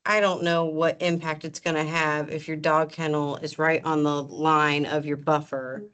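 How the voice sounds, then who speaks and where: Lower-voiced woman thinking aloud. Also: level tone, moderate pace, a bit bright, smooth. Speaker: board member. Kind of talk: meeting discussion.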